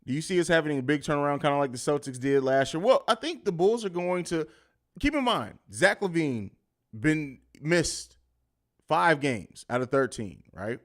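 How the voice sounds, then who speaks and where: A man's voice: a little high, animated, moderate pace. A man hosting a live post-game sports podcast, reading chat comments and answering them in a combative, mocking, trash-talking way. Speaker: podcast host.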